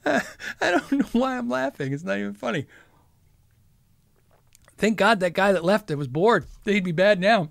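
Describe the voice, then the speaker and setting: A man with a somewhat high voice hosts a live guitar gear stream, talking casually and reading chat. He rambles, cracks jokes and interrupts himself often. The sound is dry, with no room echo. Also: lively intonation, slow pace, vocal fry, long pauses, a bit bright. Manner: rambling, chatty, frequently sidetracked; joking, self-interrupting. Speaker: host of a guitar gear livestream.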